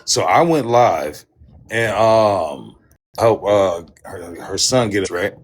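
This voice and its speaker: On his livestream, a man with a low, expressive voice speaks slowly as he angrily lays out his side of an online feud. The rant is heated, thick with swearing, and repetitive.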